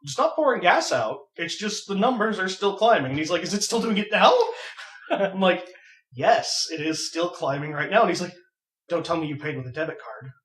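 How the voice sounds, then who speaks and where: A young man casually telling a funny story on a podcast, animated and laughing as he goes. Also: a little high, moderate pace. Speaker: podcast co-host. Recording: echoey room, far from mic.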